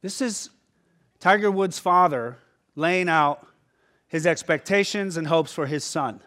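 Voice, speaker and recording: A man's voice: a little high, measured pace, a bit bright. A man preaching a sermon as pastor, conversational and emphatic, often checking in with the listeners.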